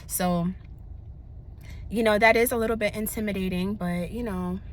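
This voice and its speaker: A young woman vlogging in candid casual chat, animated and slangy, often laughing. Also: medium pitch, moderate pace, slight background noise.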